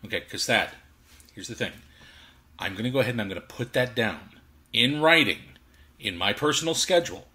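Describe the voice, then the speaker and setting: An intense male competitor in a comedy sketch who keeps up a forced calm. His voice is tense and sharp, and every word comes out slow and measured with quiet menace. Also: mid-range voice. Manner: deliberate and overly measured, with a flat, quiet menace.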